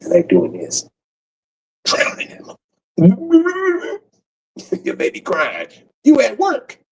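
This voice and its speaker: A man in his forties doing a profane comedic rant on a livestream, breaking into cackles and swinging from loud outbursts to low mutters. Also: wildly swooping pitch, slow, vocal fry, husky, low-quality recording. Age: 40s.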